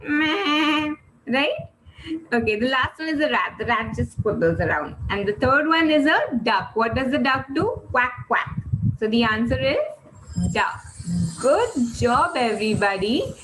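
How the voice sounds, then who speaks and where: Animated high-voiced woman teaching kids. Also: normal speed, slight background noise, low-quality recording. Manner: animated, sing-song questions to children. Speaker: online class teacher. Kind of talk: teaching a kids' class.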